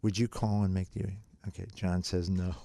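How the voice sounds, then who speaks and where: Chatty low-voiced radio host man. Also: little pitch movement, moderate pace, creaky, mellow, dry recording. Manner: chatty, self-mocking, repeats key points. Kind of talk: casual radio talk on retirement finance.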